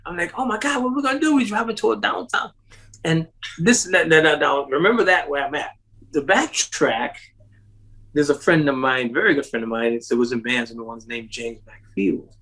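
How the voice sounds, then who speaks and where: As an interview guest, a man tells a long, animated story at a normal speed, laughing often and acting out the voices of the people in it with sharp rises in pitch. His voice is slightly rough, and the audio is poor.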